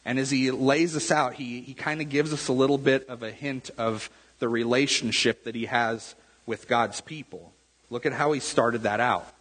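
A man pastor preaching a sermon to his church in a relaxed, conversational way, often repeating words and checking in with the room. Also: mid-range voice, normal speed, slightly rough. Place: church sanctuary. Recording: long hall reverb.

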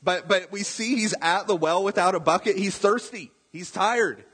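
A man's voice: high-pitched, normal speed, a bit bright, breathy edge. A man preaching a sermon in a conversational way, peppering his points with rhetorical questions and tag questions. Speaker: pastor. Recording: long reverb of a large hall.

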